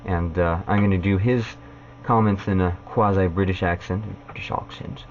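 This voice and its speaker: A man vlogging a point-by-point rebuttal, halting and full of "uh" fillers. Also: low-pitched, fairly even intonation, muffled recording, a little hiss or hum. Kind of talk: casual vlog rebuttal.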